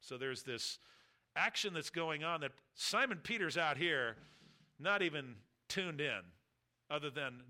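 A man's voice: on the high side, animated, measured pace, bright, forceful tone. A middle-aged man preaching an expository sermon, reading scripture aloud and acting out the speakers' words.

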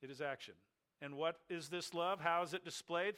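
A man's voice: on the high side, fairly quick, pushed and bright. A male pastor preaching an expository sermon, emphatic, repeating key phrases and asking and answering his own rhetorical questions.

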